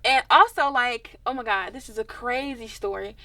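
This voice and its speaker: A young woman, a singer telling stories in a casual interview, expressive and animated. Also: a little high, moderate pace, no echo. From Dallas, Texas.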